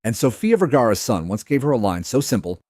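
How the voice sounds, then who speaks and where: A man's voice: medium pitch, sing-song, quick pace, mellow, no room sound, clean studio sound. A man reading a scripted narration with a wry, teasing delivery.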